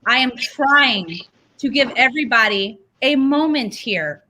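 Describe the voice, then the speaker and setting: A woman's voice: fairly high pitch, lively intonation, measured pace, bright, forceful tone, a little hiss or hum. A woman hosting a heated live stream, pleading with guests to stay on track and swearing under strain.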